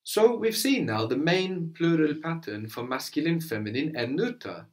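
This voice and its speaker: A man's voice: on the high side, lively intonation, moderate pace, a little mellow. A man teaching a language one-to-one, prompting his student with questions and brief praise.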